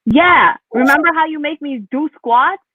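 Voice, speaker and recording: Young New comic, rambling and giggly, over a tinny video-call line. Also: female voice, sits high, moderate pace, no room sound. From New York. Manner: rambling, filler-heavy, laughs at own jokes. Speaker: stand-up comedian. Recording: tinny phone-like call audio, dry.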